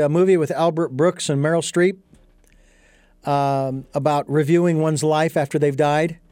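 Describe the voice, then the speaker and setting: A man's voice: fairly high pitch, darkish tone, no echo, clean studio sound. A man as an interview guest, telling a story and explaining his ideas in an earnest, thoughtful way. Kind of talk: reflective storytelling in conversation.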